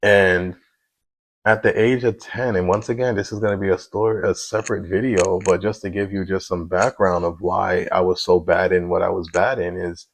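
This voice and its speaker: A man's voice: deep voice, flat delivery, normal speed, creaky, poor audio. A man in his thirties giving a candid personal faith testimony, earnest and confessional, with many "you know" asides. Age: 30s.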